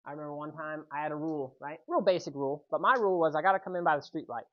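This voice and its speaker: A man giving a youth sermon, telling a personal story with lively energy and often checking in with the audience. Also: fairly high pitch, racing, lo-fi sound. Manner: animated storytelling, keeps checking in with "right?". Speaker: youth speaker.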